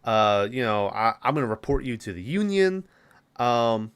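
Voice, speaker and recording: A man's voice: medium pitch, very animated, fairly bright tone, clean tone. Profane rambling man recapping a movie. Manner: profane, rambling, slips into quick mock voices. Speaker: podcast host.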